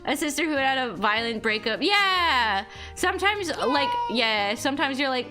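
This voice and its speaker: A woman's voice: high voice, very animated, normal speed, hardly any pauses, over music. A young adult woman livestreamer telling stories in casual chat, rambling with lots of "like" and "you know what I mean".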